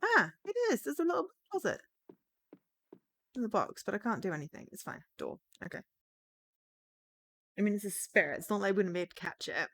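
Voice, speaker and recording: A woman's voice: medium pitch, sing-song, fairly quick, creaky, long pauses, a bit bright, no room sound. A woman streamer chatting casually and playfully while playing a game. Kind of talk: casual let's-play commentary.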